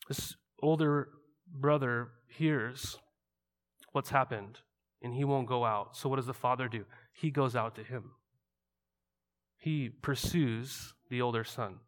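A man's voice: medium pitch, slow pace, in a large hall. A man preaching a sermon in a conversational way, often asking his listeners rhetorical questions. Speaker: pastor.

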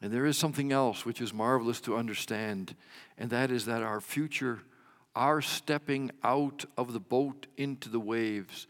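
A man preaching a sermon as a pastor, measured, rising to emphatic swells and dropping his voice at the ends of lines. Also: medium pitch, in a large hall.

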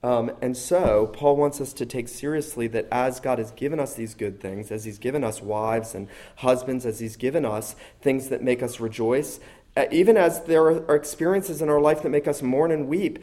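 A man's voice: medium pitch, darkish tone. A man preaching a sermon to a congregation, earnest and emphatic, often repeating his key phrases. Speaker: pastor.

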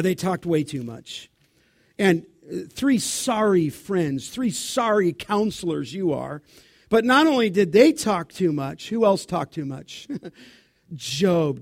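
High-pitched male preacher, dry sound. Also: lively intonation, slow pace, no echo. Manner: asks the congregation questions and answers them; dramatic Bible reading, rising loud for quotes. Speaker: pastor. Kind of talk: sermon. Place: church.

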